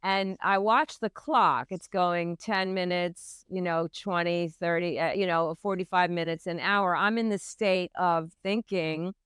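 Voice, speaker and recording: Smooth-voiced middle-aged woman recounting earnestly. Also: lowish voice, steady tone, measured pace, few pauses, fairly bright tone, no room sound, studio quality. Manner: earnest, intense retelling of a hard memory. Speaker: midwife guest. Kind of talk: personal storytelling in a podcast interview.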